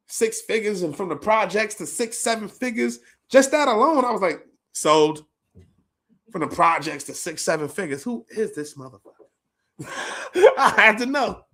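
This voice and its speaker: A man hosting a podcast, telling stories in an animated, slangy, profane way. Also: high voice, moderate pace. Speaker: podcast host. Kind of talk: casual reminiscing monologue.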